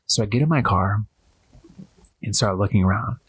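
A man hosting a podcast, telling a story in an animated way, acting out what people said and filling his talk with "like". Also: fairly low pitch, moderate pace, slightly rough, no echo. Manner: animated, acts out quotes, heavy use of "like". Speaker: podcast host. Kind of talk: storytelling monologue.

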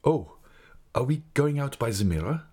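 A man's voice: medium pitch, sing-song, normal speed, warm tone, breathy edge, voice pushed up. A man voicing an impatient, anxious young male nobleman who asks urgent, pleading questions.

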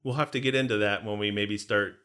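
A man's voice: fairly low pitch, steady tone, a little fast, fairly bright tone, smooth. A man co-hosting a podcast in a studio, playful and teasing, with bursts of mock outrage. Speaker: podcast co-host. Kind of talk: casual podcast chat. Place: hot recording studio.

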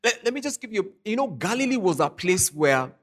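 A man preaching an online sermon, who reads scripture aloud slowly and talks to his listeners in a loose, conversational way full of "you know" and "I mean". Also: sits high, big pitch swings, fairly bright tone. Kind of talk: online sermon, Bible teaching.

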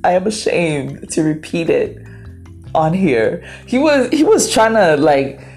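A woman's voice: on the low side, takes it slowly, faint music behind. A woman from Ghana whose first language is Twi, hosting a podcast and telling a story in a casual, dramatic, playful way. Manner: animated, dramatic, playful, acts out quoted voices. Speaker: podcast host.

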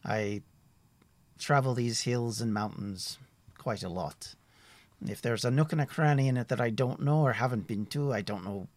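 A man voicing a friendly, talkative male woodsman who guides travelers, speaking in a raised, higher voice than his narration. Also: dry recording.

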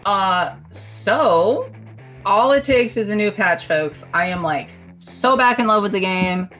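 A woman from Wisconsin co-hosting a gaming podcast, bubbly and quick to laugh, full of "like" and "dude". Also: medium pitch, expressive, fairly bright tone, soft background music. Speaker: podcast co-host. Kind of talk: casual chat.

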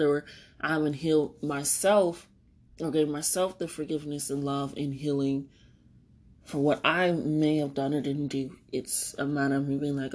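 A woman hosting a solo podcast, talking candidly and rambling about healing, swearing and laughing often, tearful at times. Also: low voice. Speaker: podcast host. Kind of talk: reflective solo podcast monologue.

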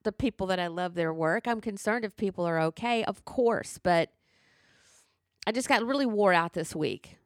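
A woman's voice: mid-range voice, moderate pace, no echo, studio quality. A middle-aged woman ranting in casual chat, profane and emphatic.

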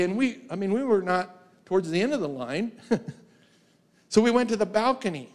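A man's voice: high voice, expressive, moderate pace, darkish tone. A man preaching as a guest speaker, telling personal stories with frequent laughs. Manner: storytelling, laughs often, acts out quoted voices. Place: church sanctuary.

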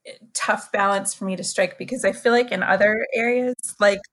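A woman's voice: medium pitch, fairly even intonation, brisk, a bit bright. A woman in her thirties, a parent talking candidly as a podcast guest, with many fillers and laughs. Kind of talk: casual conversation.

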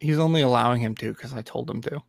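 Gravelly guy cursing and bragging, mid pitch, dry mic. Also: fast talker, no room sound. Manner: blunt, cursing, cocky. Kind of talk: casual chat.

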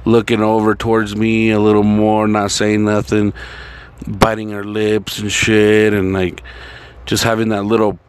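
A man's voice: fairly low pitch, monotone, measured pace, smooth. A man casually telling a rambling personal story, swearing constantly and filling gaps with "like" and "you know". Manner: rambling, profane, heavy filler words.

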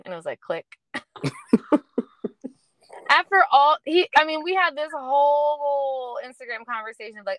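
With a high-pitched voice at normal speed and long pauses, a podcast co-host shares stories in casual chat, animatedly acting out both parties in the conversations she recounts. She leans heavily on "like," and the recording is dry.

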